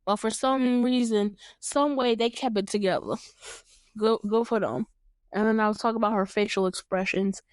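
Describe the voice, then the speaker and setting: A woman's voice: medium pitch, fairly even intonation, normal speed, clean tone, no room sound, clean studio sound. A young woman from New York hosting a podcast, chatting casually and animatedly, laughing often and swearing freely. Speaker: podcast host. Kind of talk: casual chat.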